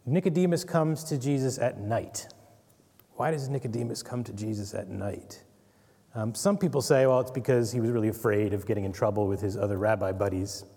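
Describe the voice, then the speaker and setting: A man's voice: lowish voice, a little fast, vocal fry, mellow, slightly rough, in a large hall. A man giving a casual Bible study lecture, conversational, with wry asides and frequent "right?" checks. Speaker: Bible teacher.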